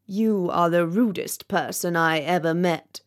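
A woman's voice: on the low side, measured pace, voice pushed down, natural voice. A woman voicing a pompous, self-pitying male firework rocket in a storybook reading, with a melodramatic, self-important manner. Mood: haughty.

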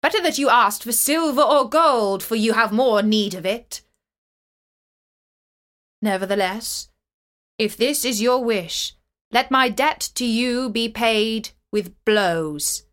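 Lady reading a grand old-time king, formal and measured, storybook voice. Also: mid-range voice, lively intonation, a bit bright. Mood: displeased. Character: stately generous medieval king.

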